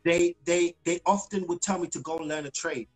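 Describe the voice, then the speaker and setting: A man's voice: a little high, fairly even intonation, brisk, soft background music, rough recording. A man, a singer, chatting as a guest in a live-streamed interview, telling stories with laughter and repeated phrases. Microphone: video call.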